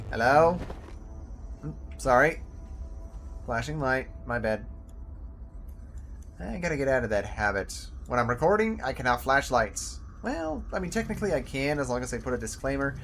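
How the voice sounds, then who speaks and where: A man giving casual commentary while playing a game, chatty and talking to himself, now and then jumping up loud and high when excited. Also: normal speed, vocal fry, faint music behind. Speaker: gameplay video host.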